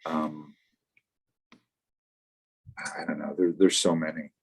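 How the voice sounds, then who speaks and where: A man's voice: rumbling low, little pitch movement, takes it slowly, gravelly, slightly rough. A middle-aged man co-hosting a casual live chat show, rambling and often stumbling over repeated words as he starts sentences. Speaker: podcast co-host.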